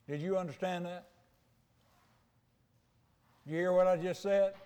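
An older man delivers a homespun sermon, slowing down to stress his points. His voice sits high for a man, and it rings with the long reverb of a church hall, picked up on a mic. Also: steady tone, mellow, clean tone. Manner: homespun storytelling, slows for emphasis. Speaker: preacher. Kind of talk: folksy sermon. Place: church sanctuary.

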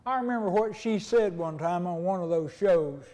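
A man's voice: high voice, normal speed, warm tone. An older man preaching a folksy, conversational sermon and acting out little dialogues. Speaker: pastor. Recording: long hall reverb.

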